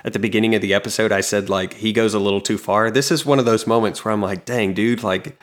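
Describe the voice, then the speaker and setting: A low-pitched American man recaps a comic on a casual podcast. He talks in a relaxed way, with plenty of ums and the odd dry joke. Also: fast. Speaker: podcast co-host. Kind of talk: casual chat about comics.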